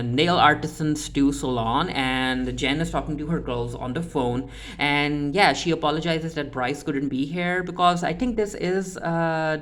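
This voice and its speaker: A man's voice: fairly high pitch, a bit bright. Chatty man recapping a TV episode. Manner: chatty retelling with frequent uh fillers and restarts. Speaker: TV recap reviewer.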